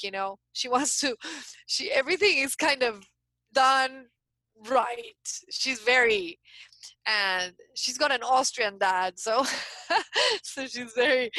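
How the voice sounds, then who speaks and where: A woman's voice: fairly high pitch, no room sound, rough recording. A middle-aged woman coach telling a story in a casual interview, talking in bursts with frequent restarts. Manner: animated storyteller, many restarts. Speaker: guest coach.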